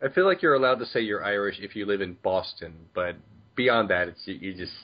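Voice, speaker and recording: A man's voice: on the low side, lively intonation, fairly quick. A man from the United States co-hosting a podcast in an easygoing, stammering way. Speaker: podcast co-host. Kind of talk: casual podcast chat. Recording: dull lo-fi.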